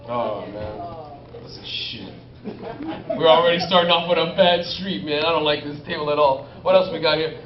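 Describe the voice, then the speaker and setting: Brash, profane stand-up comic, high voice. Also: male voice, normal speed. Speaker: stand-up comedian working the crowd. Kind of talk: stand-up crowd work. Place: comedy club stage at a casino. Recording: lo-fi, roomy club audio heard from a distance. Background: crowd laughing and cheering.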